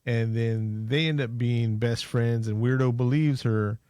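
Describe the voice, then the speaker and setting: A man co-hosting a podcast, casually recapping a movie plot with jokes and quick acted-out lines. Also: medium pitch, steady tone, darkish tone, smooth, dry recording. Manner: jokey, acts out scenes in quick voices. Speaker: podcast co-host.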